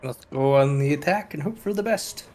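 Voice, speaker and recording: A man's voice: fairly high pitch, moderate pace, darkish tone. A man on a gaming voice call giving tactical tips and dry jokes. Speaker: voice chat guest. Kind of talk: casual gaming voice chat.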